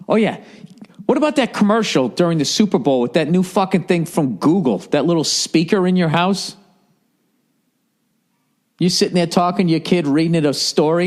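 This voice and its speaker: A man, talking in a rambling, profane, animated monologue as a podcast host. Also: on the high side. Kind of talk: casual monologue.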